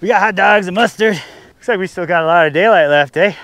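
A man's voice: high-pitched, fast, a bit bright, dry recording. Rambling man vlogging outdoors in snow. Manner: rambling, talks to his dog, jokes to the viewers. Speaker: camping vlogger. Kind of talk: casual outdoor vlog chat. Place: outdoors in snow at a camp spot. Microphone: action camera.

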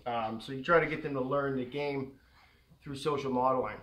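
A man's voice: a little fast, a little hiss or hum, low-quality recording. A man who trains dogs, casually explaining his method indoors at home. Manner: relaxed and chatty, breaking into high baby talk with the dogs. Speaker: dog trainer. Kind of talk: casual instructional talk during a training session.

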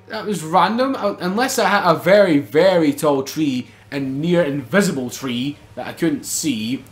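Excitable high-voiced gamer. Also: male voice. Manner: excitable, swears often, laughs a lot. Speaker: gaming channel host. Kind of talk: casual gameplay commentary.

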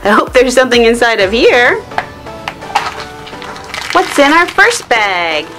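A woman's voice: on the high side, big pitch swings, takes it slowly. A woman narrating toy unboxing and doll play in a cheerful, sing-song way, with music underneath.

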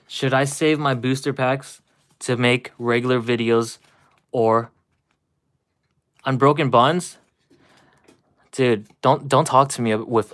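A man's voice: mid-range voice, fairly bright tone. A man opening trading card packs on a live stream, chatting and laughing with his viewers, a little out of breath. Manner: laughing, chatty, talks straight to chat. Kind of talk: casual live stream chat.

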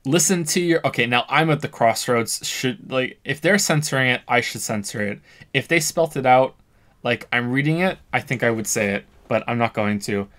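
A man's voice: medium pitch, expressive, moderate pace, fairly bright tone. A man streaming a game, reading its text aloud and thinking aloud in a wry, casual way with frequent restarts.

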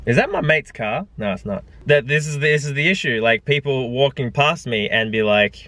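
A man's voice: medium pitch, moderate pace, few pauses, pushed and bright, no room sound. A man with an Australian accent, talking casually to a handheld camera in his car as a first-time vlogger, rambling and joking at his own expense. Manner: rambling, joking, self-mocking. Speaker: personal trainer vlogging his day.

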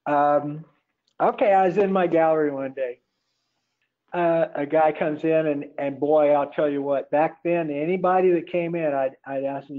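A man with a somewhat high voice tells a rambling story in a casual interview, acting out the lines he quotes from others. The sound is thin and phone-like, as if it came over a narrow line. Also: unhurried. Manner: rambling, acts out quoted dialogue. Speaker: portrait photographer interviewee.

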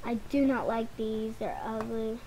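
A woman's voice: on the high side, flat delivery, a little slow, dark tone, a little hiss or hum, low-quality recording. A young woman casually rambling to her viewers while sorting through game items. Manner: rambling, chatty, talks to viewers. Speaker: gaming channel host. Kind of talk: casual commentary over gameplay.

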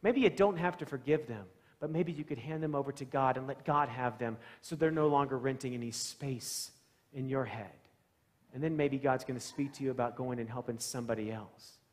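A man preaching a sermon as pastor, retelling a gospel story in a conversational, animated way and voicing its characters with sudden loud bursts. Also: medium pitch, a little fast, in a large hall. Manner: conversational, plain-spoken preaching. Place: church sanctuary.

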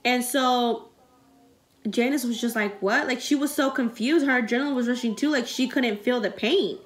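Young woman, vlogger, storytime delivery: rambling, filler-heavy, emotional, slightly higher voice, near tears. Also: moderate pace. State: close to tears.

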